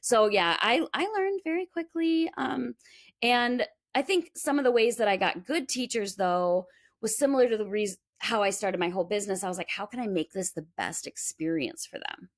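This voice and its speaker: A woman's voice: medium pitch, moderate pace. A woman being interviewed about her music school, telling stories in a chatty way and acting out what people said. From Minnesota, US. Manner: animated, acts out quoted voices. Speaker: guest, music school owner. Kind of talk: casual storytelling interview.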